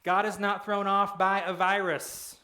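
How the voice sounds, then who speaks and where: A man's voice: sits high, flat delivery, measured pace, sharp tone, roomy sound. A man preaching a sermon in a casual, conversational way, with joking asides and quoted voices that he acts out. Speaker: pastor.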